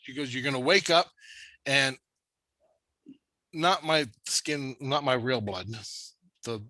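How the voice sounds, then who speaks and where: Intense profane man, bright and dry. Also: medium pitch, expressive, slow pace, no room sound. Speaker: storyteller recounting a spirit-world experience. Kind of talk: casual conversation.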